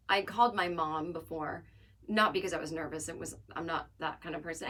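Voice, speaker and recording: A woman's voice: fairly low pitch, fairly even intonation, moderate pace, fairly bright tone. Chatty self-deprecating woman podcast host. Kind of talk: casual storytelling monologue.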